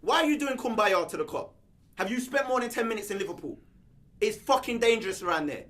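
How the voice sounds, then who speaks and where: High, bright-voiced ranting man. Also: animated, fast talker. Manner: ranting, exasperated. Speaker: panel regular. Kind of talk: heated football banter.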